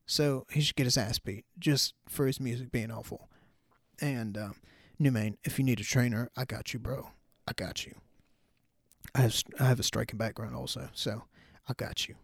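A man's voice: medium pitch, steady tone, normal speed, gravelly, husky, no echo, clean studio sound. A man hosting a podcast alone, talking in a loose, chatty, profane way with lots of fillers and restarts. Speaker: podcast host. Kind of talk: casual solo podcast rant.

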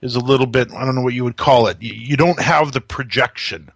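A man's voice: mid-range voice, fairly even intonation, a little fast, creaky, breathy edge, dry recording. A man hosting a radio show, upbeat and chatty with rambling asides. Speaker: host. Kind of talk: casual chat.

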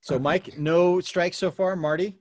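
A man's voice: sits high, steady tone, unhurried, darkish tone, no room sound. A man hosting a casual quiz game among friends, playful and jokey as he hands out strikes. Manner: playful, jokey, runs the scoring. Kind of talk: casual podcast game show.

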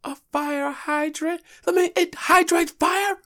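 Grown man doing a squeaky little preschool boy, shrill and mad, yelling questions at everyone. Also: fairly even intonation, slow pace, exaggerated voice. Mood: indignant. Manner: high shrill shouting, indignant questions.

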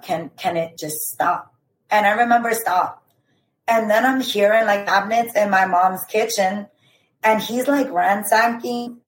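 A woman in her thirties speaks as a podcast guest with a middle-pitched voice. She retells her story earnestly and haltingly, leaning on "like" and "I remember" as she restarts her sentences. The recording has a roomy echo. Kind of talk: personal storytelling.

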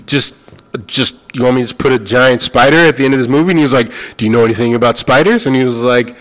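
A man's voice: mid-range voice, fast talker. Man telling a story, laughing. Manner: animated anecdote-telling, swearing, laughing, quoting others. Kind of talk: casual storytelling chat.

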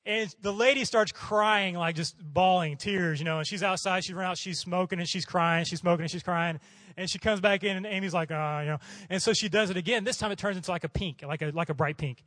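An animated, fast-talking preacher with a high voice, he is a missionary from Oklahoma, recorded dry. His sermon is told through stories, and he imitates the voices of those in them.

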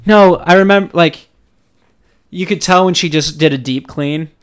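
A young man co-hosting a casual podcast, telling a funny story in a lively way and acting out what people said. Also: a little high, moderate pace, smooth. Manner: laughing, lively storyteller who acts out quotes. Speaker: podcast co-host.

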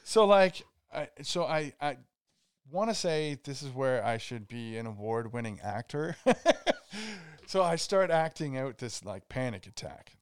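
A young man tells a long story on a casual podcast, rambling, swearing and acting out the lines of the people in it. His voice is smooth and resonant. The sound is dry and close. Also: mid-range voice, animated, unhurried, dry recording. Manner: rambling, swearing, acts out quotes. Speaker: podcast co-host.

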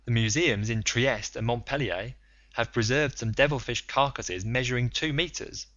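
Measured male audiobook narrator. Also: medium pitch, a bit bright, no room sound, muffled recording. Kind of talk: first-person novel narration.

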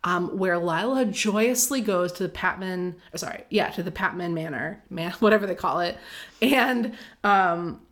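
A woman co-hosting a podcast, recapping a book in casual chat, full of fillers and quick laughs. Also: lowish voice, a bit bright. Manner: chatty, filler-heavy, laughs often. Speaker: podcast co-host.

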